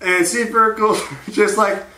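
A man telling a rambling, crude comic story, laughing often and slipping into quick character voices. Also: high-pitched, fairly even intonation, bright, forceful tone, recorded from a distance. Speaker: host. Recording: echoey room.

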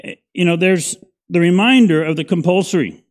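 A man's voice: a little high, normal speed. A middle-aged man, a pastor teaching a Bible study in a conversational, folksy way, often checking in with "right?".

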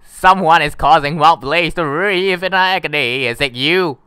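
A man voicing a wrathful male legendary fire bird from a video game, making slow, grandiose pronouncements. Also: fairly high pitch, pushed and bright, clear, resonant tone, no room sound.

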